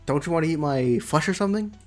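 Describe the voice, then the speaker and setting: A man's voice: animated, fast talker, a little mellow, soft background music, lightly acted. A man playing a startled young protagonist. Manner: exclaiming, raised pitch. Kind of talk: reading a visual novel aloud.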